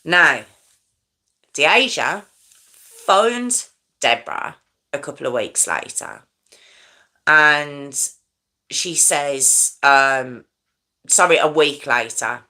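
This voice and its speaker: A woman's voice: rumbling low, pushed and bright. A woman hosting a true crime show, telling a case in a casual, conversational way and often checking in with her listeners.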